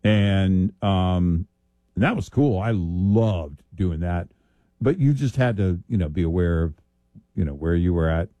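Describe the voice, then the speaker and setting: Deep, mellow man from Texas. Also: unhurried, no echo. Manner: easygoing, many short agreements. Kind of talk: casual chat.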